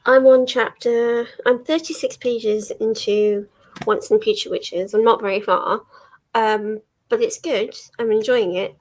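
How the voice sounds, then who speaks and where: A woman's voice: fairly high pitch, a little mellow. An English young woman hosting a book livestream, chatting casually with many ums and small laughs. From England. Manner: chatty, rambling, lots of ums and little laughs. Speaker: book vlogger hosting a reading sprint. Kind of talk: casual chat to a livestream audience.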